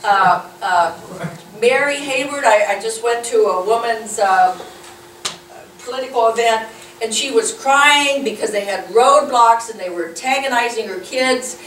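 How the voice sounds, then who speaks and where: A woman with a fairly high voice gives an informal, fervent talk to a meeting. She was recorded from far off in an echoey room, with faint noise behind her. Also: a little slow. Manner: animated, fervent, acts out quotes. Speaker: local political organizer speaking at a meeting. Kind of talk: informal speech to a group.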